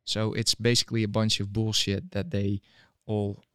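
A man's voice: fairly low pitch, little pitch movement, moderate pace, a bit bright, clear, resonant tone, no echo, studio quality. A man co-hosting a casual livestream chat, blunt and dismissive, with many fillers.

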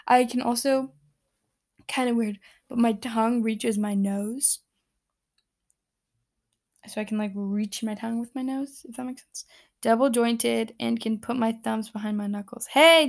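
A woman's voice: fairly high pitch, gravelly, darkish tone. A woman hosting a casual solo podcast, reading out listener answers in a chatty, giggly, rambling way with many fillers and restarts. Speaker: podcast host. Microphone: podcast microphone.

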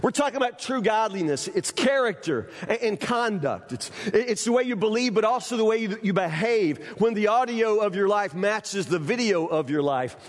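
A pastor delivers a sermon in a folksy, conversational manner, circling back on phrases. His voice sits high for a man. The sound carries the long reverb of a large hall. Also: expressive, normal speed, hardly any pauses. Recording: echoey hall.

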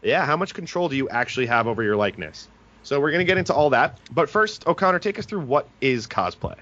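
A man's voice: mid-range voice, sing-song, quick pace, a bit bright, muffled recording. A man hosting a podcast, an attorney, talking in a casual, joking and talkative way.

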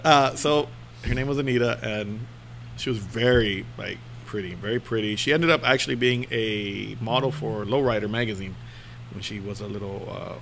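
Man with a bright, lively voice; casual chatty storyteller, often laughing. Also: fairly low pitch, normal speed, gravelly, a little hiss or hum. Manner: laughs often while telling stories.

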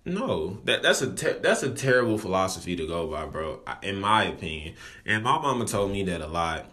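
A man's voice: deep voice, very animated, a little fast, pushed and bright. A young man talking casually to camera, loose and profane, rambling with frequent restarts.

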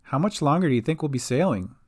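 A man voicing a kind young woman cleric in a homemade storybook podcast, speaking softly and with care. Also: a little high, lively intonation, fast. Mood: curious. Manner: soft, caring and soothing. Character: gentle kind female cleric, young adult.

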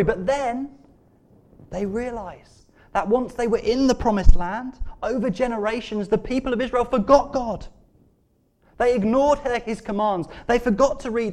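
A man delivers a sermon in a fairly high voice. He reads scripture softly and almost hushed, then lifts into earnest, emphatic calls to his listeners. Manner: earnest, swings between soft hushed reading and rising emphatic appeals. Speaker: preacher.

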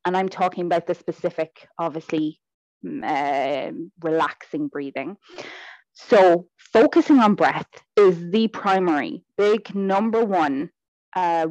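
A woman's voice: fairly low pitch, dry recording, poor audio. Chatty woman with a dry sound. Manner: chatty, goes off on tangents, animated. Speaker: guest. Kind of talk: casual interview chat.

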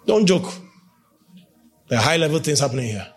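A man delivers a fiery sermon in a high, animated voice that leaps up and down in pitch. He pushes into shouts, then drops to low, intense lines. Faint music sits behind him. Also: a little fast. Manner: emphatic, swings between shouting and low intense speech. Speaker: prophet preaching.

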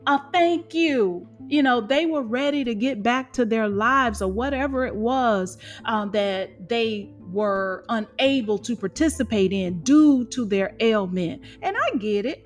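A woman preaching a sermon in an emphatic, exhorting way, with call-and-response asides to her listeners. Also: high-pitched.

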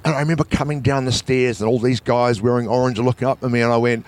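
A man's voice: medium pitch, fairly even intonation, fast, darkish tone. A man from New Zealand with a New Zealand accent, a guest telling a story casually, acting out the voices of the people he quotes, with frequent restarts.

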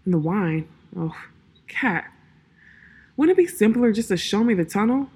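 A woman voicing an earnest young woman who pleads urgently and a little louder, with a breathy voice. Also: mid-range voice, animated, a little slow. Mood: urgent, pleading.

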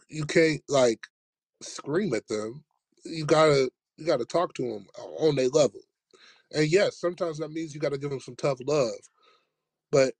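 A man's voice: fairly high pitch, a little mellow, dry recording. A man who teaches, telling a long school story in casual chat and acting out the voices of the people in it. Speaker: podcast host, teacher.

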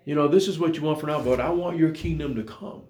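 A man's voice: fairly high pitch, fast talker, darkish tone, slight background noise. A man preaching a sermon in an earnest, repetitive way, full of rhetorical questions, recorded in an echoey room.

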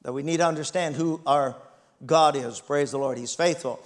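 A man's voice: on the high side, moderate pace. A man in his sixties preaching a sermon, reading scripture dramatically and calling the congregation to respond. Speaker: pastor.

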